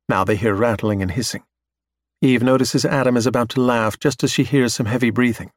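A man reading a story aloud in steady, measured scripted narration. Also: mid-range voice, dry recording, clean studio sound.

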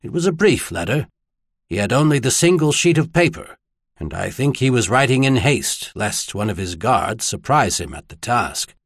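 Male narrator doing a grave middle-aged churchman, flat, controlled and intense, with a husky edge. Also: mid-range voice, dry recording, clean studio sound, full character voice.

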